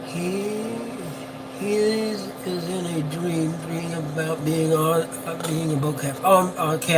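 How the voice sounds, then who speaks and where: Older male boat captain, loose chatty livestream delivery with plenty of fillers, noisy background. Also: sits high. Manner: rambling, chatty, many fillers. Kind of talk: casual live-stream chat. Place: on a yacht.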